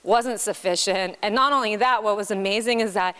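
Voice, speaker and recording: A woman who owns a farm, speaking in a news interview and telling her story in an animated, emphatic way. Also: mid-range voice, a little fast, smooth. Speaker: farm owner.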